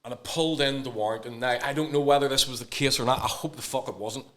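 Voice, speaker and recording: Fast-talking, swearing man. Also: mid-range voice, a bit bright. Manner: blunt, swears a lot. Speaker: podcast co-host. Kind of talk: casual storytelling chat.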